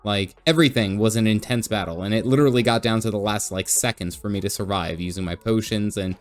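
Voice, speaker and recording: A man's voice: on the low side, fast talker. A man narrating a casual, joking recap of his video game stream and sometimes putting on goofy voices for characters. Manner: jokey, goofy voices when quoting characters.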